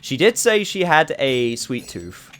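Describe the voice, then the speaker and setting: A man's voice: fairly high pitch, big pitch swings, a little slow, a bit bright, faint music behind. A young man giving rambling, self-deprecating commentary over a game, laughing at his own slips. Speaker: game streamer. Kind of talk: let's play commentary.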